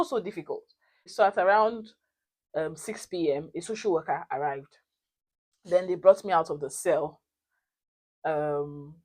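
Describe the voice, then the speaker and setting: Animated woman telling a story. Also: on the low side. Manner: animated, expressive storytelling with frequent laughter. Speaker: vlogger. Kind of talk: casual storytime.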